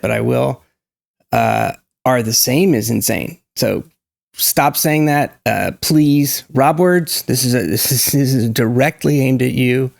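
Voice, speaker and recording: A man's voice: medium pitch, takes it slowly, gravelly, dry recording, clean studio sound. A man, talking to camera about pronunciation in an opinionated, emphatic way and demonstrating sounds. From United States. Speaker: YouTube language commentator. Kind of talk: casual to-camera talk on pronunciation.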